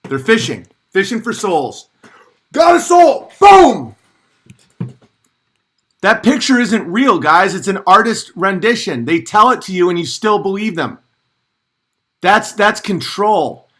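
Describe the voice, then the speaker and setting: Fired-up male commentator, forceful and a bit high, preachy rant. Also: animated, unhurried. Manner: intense, preachy, worked up. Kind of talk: ranting commentary.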